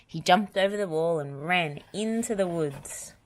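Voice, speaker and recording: A woman narrating a children's story aloud in an expressive, animated way. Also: fairly low pitch, unhurried, slight background noise.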